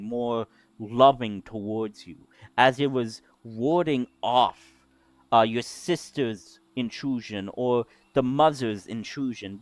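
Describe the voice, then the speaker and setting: A man's voice: medium pitch, dry recording. A man narrating as game master, describing scenes while searching for words.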